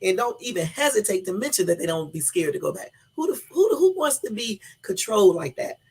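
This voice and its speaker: A woman's voice: medium pitch, sing-song, brisk, darkish tone, breathy edge. A woman hosting a reaction video, talking bluntly and with swearing to her viewers. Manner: blunt, profane, talks to viewers as y'all. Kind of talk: casual reaction commentary.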